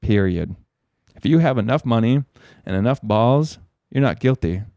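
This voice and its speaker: A man's voice: mid-range voice, animated, normal speed, warm tone, no room sound. A man as a podcast guest, telling a long story in a rambling way, swearing a lot. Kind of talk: casual storytelling.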